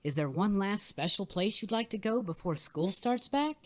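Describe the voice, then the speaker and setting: A woman's voice: medium pitch, expressive, moderate pace, lightly acted. A woman voicing a cheerful mother in a mock commercial, talking in a sweet sing-song way.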